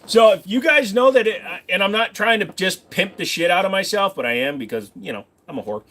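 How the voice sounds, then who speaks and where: A man's voice: sits high, animated, a little fast, sharp tone. A man casually chatting with viewers on a livestream, rambling and joking crudely. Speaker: livestream host.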